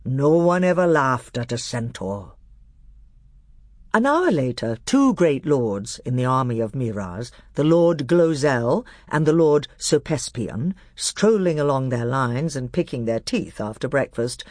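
A man narrating an audiobook in an expressive storytelling manner, gravelly and husky. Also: mid-range voice, a little slow, few pauses, no room sound, studio quality.

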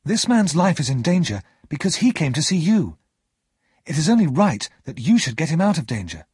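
A man voicing a cheerful, earnest young male friend, lively and exclaiming, pitched high above his own husky voice. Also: normal speed, no room sound, clean studio sound, heavily acted.

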